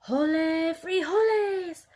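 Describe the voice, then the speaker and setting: A woman's voice: medium pitch, lively intonation, normal speed, breathy edge. A woman reading aloud, voicing a boastful kitten who poses as a small Chihuahua sword fighter and mixes Spanish words into his talk. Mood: soft brave. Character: Skipito, kitten posing as a brave little Chihuahua.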